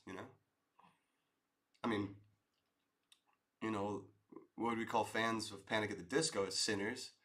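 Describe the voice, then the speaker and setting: A man's voice: lowish voice, fairly bright tone. A man in his thirties streaming live, chatting casually and rambling as he answers viewer comments, often calling people dude and man. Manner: laid-back, rambling, says dude and man.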